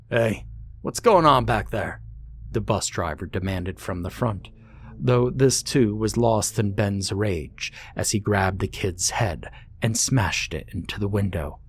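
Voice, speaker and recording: A man narrating a horror story in a measured, deliberate scripted reading. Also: on the low side, a little mellow, slight background noise.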